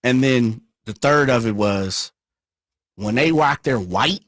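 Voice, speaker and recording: A man's voice: mid-range voice, takes it slowly, no room sound. A man co-hosting a sports radio show, chatting casually, rambling and searching for words in a studio. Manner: relaxed, rambling, fumbles for words.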